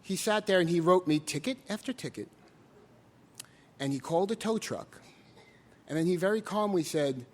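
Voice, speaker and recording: A man in his twenties telling a true story at a live story slam, animated and self-mocking, acting out other voices. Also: high-pitched, normal speed, pauses often. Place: stage in a hall with an audience. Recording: live hall recording with reverb and faint noise.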